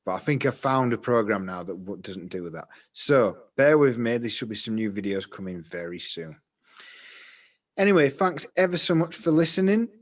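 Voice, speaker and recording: A man rambles happily through casual podcast chat. He drifts between thoughts and pokes fun at himself, in an everyday middle-pitched voice. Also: sing-song, normal speed. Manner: rambling, chatty, self-deprecating. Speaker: podcast co-host.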